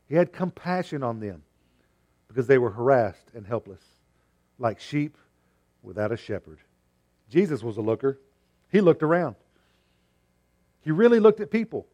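A male pastor preaching an earnest sermon, moving between emphatic and hushed delivery. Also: fairly high pitch.

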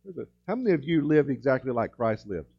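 A man preaching a sermon as pastor, slowing and lifting his voice on key words, with frequent restarts. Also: mid-range voice, big pitch swings, creaky, slightly rough, highs cut off. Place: church sanctuary.

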